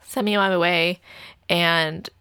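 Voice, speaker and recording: A woman's voice: lowish voice, fairly even intonation, slow, bright, forceful tone, clean tone, no room sound, studio quality. A young adult woman casually telling a dating story, full of "like" fillers and light laughs. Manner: chatty, heavy filler use of "like", frequent light laughs.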